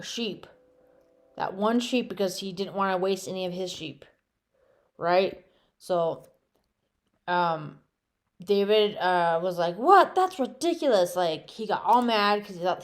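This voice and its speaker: A woman casually retelling a bible story as a series host, chatty, often checking in with "okay?" and "right?". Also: medium pitch.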